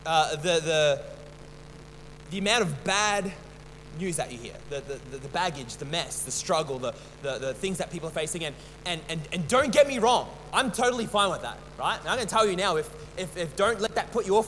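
A young man preaching a sermon as a pastor, halting and full of restarts and repeated words. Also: sits high, animated, a bit bright. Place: church hall. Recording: long church reverb, faint hum.

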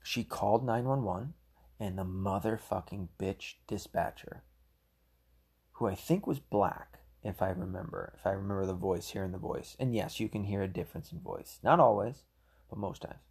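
A low-voiced man rants through his commentary, heated and rambling, cursing freely. His voice is gravelly and husky. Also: normal speed, a little mellow. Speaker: political commentator. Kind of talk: ranting solo commentary.

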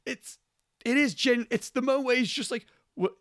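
A man's voice: extremely high pitch, moderate pace, dry recording, clean studio sound. A man co-hosting a podcast, chatting casually and animatedly about films and cracking jokes. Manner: animated, jokey, slips into film-quote impressions. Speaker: podcast co-host. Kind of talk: casual film chat.

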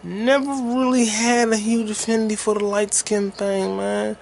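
Gravelly, profane man riffing loosely. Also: sits high, little pitch movement, measured pace, a little hiss or hum. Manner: loose, profane, riffing with sing-song asides. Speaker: podcast host. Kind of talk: rambling solo podcast while gaming.

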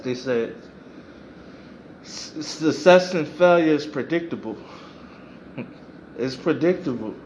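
A man's voice: medium pitch, darkish tone, dull audio, slight background noise. A man hosting a podcast, giving a reflective motivational monologue and repeating phrases for emphasis. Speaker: podcast host.

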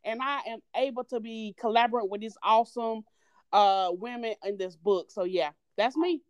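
A woman's voice: a little high, normal speed, clean tone, no echo, dull audio. A woman from North Carolina with a Southern accent, guesting on a podcast and talking with bubbly enthusiasm. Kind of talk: casual interview.

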